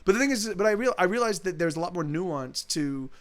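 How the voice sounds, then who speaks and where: A man's voice: high voice, animated, brisk. A man who streams his own music live, talking casually and rambling between songs, often restarting his sentences and swearing freely.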